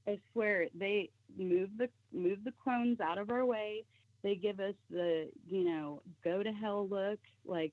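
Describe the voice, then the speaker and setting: A woman's voice: lowish voice, unhurried, dry recording. A woman telling a personal story in casual talk, acting out the voices of the people in it. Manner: animated, acts out the voices of people in her story. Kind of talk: casual storytelling on a call-in show. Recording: tinny phone line, dry.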